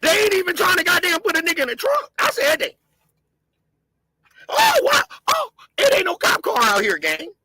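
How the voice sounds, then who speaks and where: A man hosting a show, giving heated, profane commentary on video footage and often breaking into shouts as he talks to his viewers. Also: very high-pitched, dry recording, rough recording. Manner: impassioned, shouting, profane, addresses viewers as gang.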